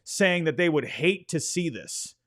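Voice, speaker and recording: A man on his own sports show rants in an exasperated, casual way, often stumbling over and repeating words. His voice sits a little high and swoops up and down constantly. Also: measured pace. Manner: animated, exasperated, repeats himself, apologizes for ranting. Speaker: sports podcast host. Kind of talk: casual opinion rant.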